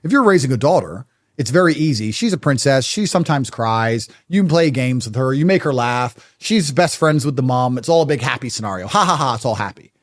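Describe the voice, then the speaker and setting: A man's voice: medium pitch, expressive, brisk. A man speaking as a guest in a podcast conversation, blunt and emphatic in his statements.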